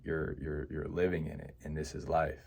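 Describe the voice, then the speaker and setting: Low-voiced young man telling a story. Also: little pitch movement, normal speed, vocal fry, darkish tone, breathy edge. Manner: reflective, frequent "you know" fillers and restarts. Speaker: vlogger. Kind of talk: personal storytelling to camera.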